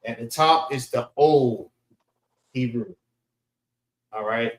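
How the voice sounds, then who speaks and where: Teaching over an online call, a man with a medium-pitched voice talks slowly and loosely through a casual lecture. He keeps checking in with his class by repeating "all right." The room echoes, and the recording is low quality.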